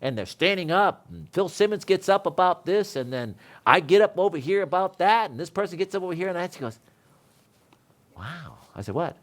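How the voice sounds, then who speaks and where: A middle-aged man leads a seminar in a loose, chatty way, telling anecdotes and laughing as he goes. His voice sits a little high and swings widely in pitch. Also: quick pace, hardly any pauses. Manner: animated storytelling with laughs. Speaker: seminar instructor. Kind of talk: casual classroom talk.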